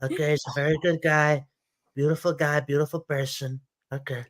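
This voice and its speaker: Comedy impression: man doing a bragging old politician, repetitive and rambling, bright tone. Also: a little high, level tone, fairly quick, voice pushed down, lightly acted. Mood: mocking. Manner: repetitive, superlative-heavy, rambling. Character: rambling boastful elderly male politician.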